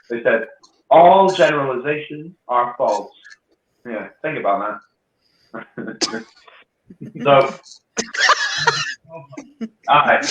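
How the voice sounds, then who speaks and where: A man hosting a comedy show, telling quick punchline jokes and checking in with "right?" and "yeah?". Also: mid-range voice, roomy sound, dull audio, background noise. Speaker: comedy club host. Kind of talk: stand-up comedy and act introductions.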